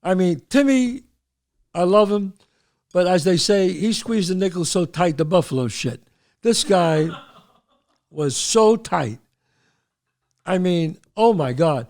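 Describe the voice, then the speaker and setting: A man from the Bronx, hosting a show and telling stories, animated and acting out voices. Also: sits high, takes it slowly, pauses often. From the Bronx, New York. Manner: animated, acts out voices, trails off mid-sentence. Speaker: host. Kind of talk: storytelling.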